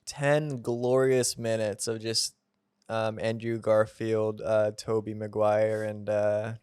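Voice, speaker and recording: A man's voice: lowish voice, flat delivery, takes it slowly, darkish tone, clear, resonant tone. A young man co-hosting a casual podcast, laid-back and teasing in a joking back-and-forth. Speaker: podcast co-host. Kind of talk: casual chat.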